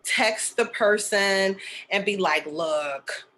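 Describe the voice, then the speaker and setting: A woman's voice: medium pitch, very slow, long pauses, fairly bright tone. A middle-aged woman telling a personal story in a casual, chatty way, full of fillers and asides like "okay?" and "right?". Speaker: spiritual medium and healer sharing a story.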